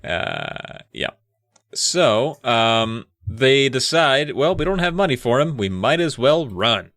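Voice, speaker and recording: A man's voice: mid-range voice, sing-song, slow pace, fairly bright tone, no room sound, clean studio sound. A man co-hosting a podcast, recapping a book in a laid-back, joking way and swearing freely. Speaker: podcast co-host. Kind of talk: casual chat recapping a book.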